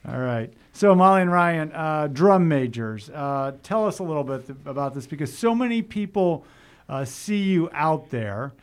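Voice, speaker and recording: A middle-aged man, a school principal, hosting a casual podcast interview with students, talking in a friendly, halting way with many fillers. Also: on the high side, animated, smooth.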